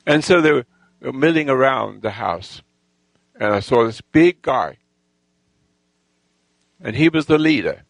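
A man with a creaky, gravelly voice drifts through a boastful personal anecdote at a slow pace. His pitch swings widely, and he stops and restarts often, losing his thread. The sound is close and dry. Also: animated, dry recording, rough recording. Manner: halting, with restarts and lost threads; boastful, self-assured storytelling.

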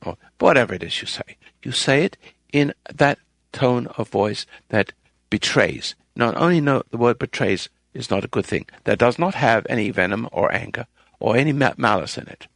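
A man hosting a call-in radio advice show who lectures listeners emphatically, rambling with restarts and swinging between a firm, loud voice and a soft, quiet one. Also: medium pitch, expressive, moderate pace, vocal fry, no room sound.

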